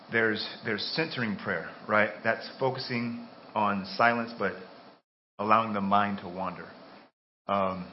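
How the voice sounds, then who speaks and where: A man with an American accent preaching a sermon in a loose, conversational way, talking through his thoughts aloud. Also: fairly low pitch. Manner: conversational, talks to himself aloud. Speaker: pastor. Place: church. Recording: dull lo-fi sermon recording with faint noise.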